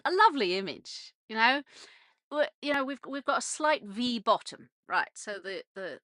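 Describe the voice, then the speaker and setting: A woman's voice: on the high side, bright, forceful tone, no echo, clean studio sound. A British woman hosting a casual radio monologue from a narrowboat, chatty and meandering, with frequent restarts and little laughs. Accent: British English. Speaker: radio show host. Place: narrowboat on a canal.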